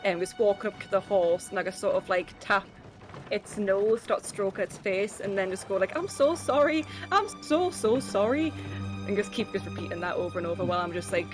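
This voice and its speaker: A woman at mid pitch playing a tabletop game, weighing her options aloud and describing her character's actions with a playful touch. Music sounds clearly behind her. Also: little pitch movement, fairly quick. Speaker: player.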